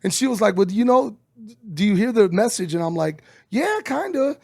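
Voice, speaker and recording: A middle-aged man tells a story in a casual interview. His voice is high and gravelly, and he is recorded dry and close. He swears freely and acts out what people said. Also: fairly quick, dry recording. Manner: animated, swearing, acts out quotes. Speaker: interview guest.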